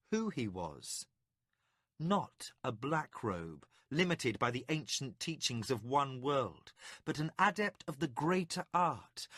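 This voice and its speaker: A man narrating an epic fantasy audiobook with a dramatic, expressive delivery. His pitch rises and falls in lively sweeps, and the tone is bright. The recording is close and dry. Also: dry recording. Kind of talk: scripted narration.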